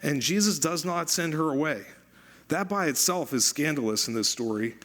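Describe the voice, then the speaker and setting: A man preaching a sermon as pastor, conversational and animated, repeating phrases for emphasis. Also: on the high side, moderate pace.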